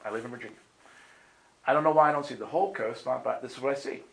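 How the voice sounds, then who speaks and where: A man with a gravelly, medium-pitched voice delivers a rapid-fire sermon story, sharing his personal testimony conversationally. He dramatizes what people said and regularly asks "right?" to check in. The audio quality is poor.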